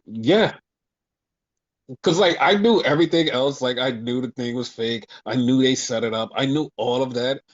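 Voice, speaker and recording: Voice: medium pitch, normal speed, dull audio. A podcast co-host in casual chat, ranting with heavy swearing and lots of repetition. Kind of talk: casual wrestling review chat.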